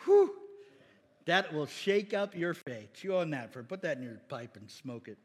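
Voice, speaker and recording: A man preaching a sermon to a congregation, teaching from slides with quick jokes and asides. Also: a little high, big pitch swings, slightly rough, big-room sound. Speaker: pastor.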